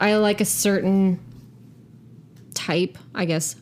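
A woman co-hosting a podcast in rambling, casual banter, full of little fillers and quick laughs. Her voice sits at an ordinary middle pitch, with a faint hiss of noise behind it. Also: steady tone, a little mellow. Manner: chatty, rambling, laughs easily, many fillers. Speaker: podcast co-host.

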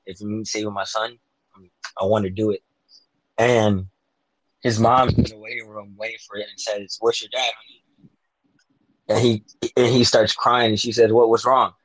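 A man's voice: on the low side, little pitch movement, normal speed, no echo, low-quality recording. A man in casual chat, rambling through his guesses with slang and self-corrections, acting out the lines he imagines. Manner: loose slangy speech. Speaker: fan discussing a TV show. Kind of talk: casual chat, predicting plot.

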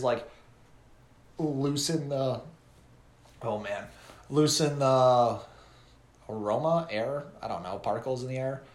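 A man co-hosting a podcast, telling rambling stories in a casual, lively way with lots of fillers. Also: mid-range voice, echoey room. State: coughing from pepper flakes. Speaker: podcast co-host. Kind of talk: casual chat.

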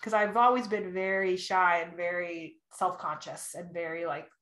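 A woman reading human design charts, talking as a podcast guest. She is animated and chatty, acts out little quotes and laughs often. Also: lowish voice, moderate pace. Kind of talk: casual podcast conversation. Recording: roomy echo.

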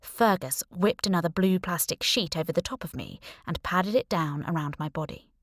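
A woman narrating a first-person audiobook with wry, deadpan humor and hushed asides. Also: on the low side, moderate pace, no room sound, clean studio sound.

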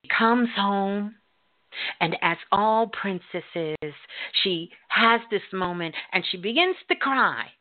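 Slow-speaking woman storyteller on a phone line. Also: mid-range voice, lively intonation. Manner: slow, drawn-out, emphatic. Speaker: radio host. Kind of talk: storytelling talk.

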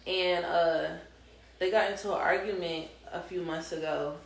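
A woman co-hosting a casual podcast chat, telling a personal story in an animated way and acting out the people she quotes. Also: on the low side, moderate pace, roomy sound, slight background noise. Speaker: podcast co-host.

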